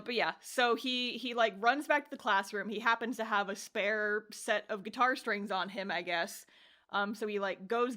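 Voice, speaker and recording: A young woman co-hosting a podcast, casually recapping an anime episode with animated storytelling, acting out characters' lines, laughing and swearing. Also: mid-range voice. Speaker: podcast co-host reviewing anime.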